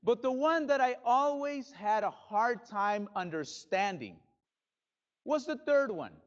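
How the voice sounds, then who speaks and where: A male pastor preaching a sermon in a church, dramatic, swinging from loud bursts to hushed drops. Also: very high-pitched, lively intonation, slow pace, lo-fi sound. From Spanish-speaking background. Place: church sanctuary.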